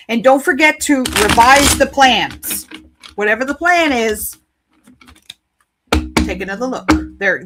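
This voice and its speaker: A woman's voice: mid-range voice, very noisy. A woman giving spiritual card readings on a live stream, chatty, playful and encouraging.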